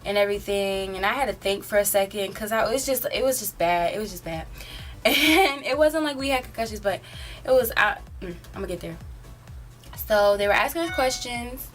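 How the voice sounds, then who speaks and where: An eighteen-year-old woman recounts a story in a loose, chatty vlog style, her voice sitting at an ordinary middle pitch. She rambles and leans on filler words, with faint music playing underneath. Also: moderate pace, fairly bright tone. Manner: rambling, filler-heavy, often says "like". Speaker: vlogger. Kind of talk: casual storytime.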